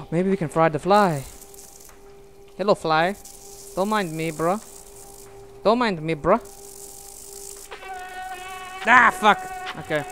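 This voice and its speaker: A young man giving frustrated, swearing commentary while playing a video game, often shouting. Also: high voice, slight background noise. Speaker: gaming video host.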